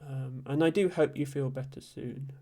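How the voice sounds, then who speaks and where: Mellow man chatting on stream. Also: mid-range voice, moderate pace, creaky. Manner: reads out chat, thanks viewers, many ums and soft laughs. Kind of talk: casual live-stream chat.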